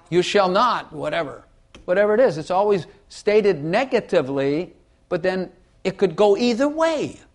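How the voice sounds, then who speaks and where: A man explains Bible passages in a relaxed, chatty way, his voice sitting a bit on the high side. He is emphatic, repeats lines for effect and plays with his inflection to drive a point home. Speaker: Bible teacher. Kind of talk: casual Bible teaching chat.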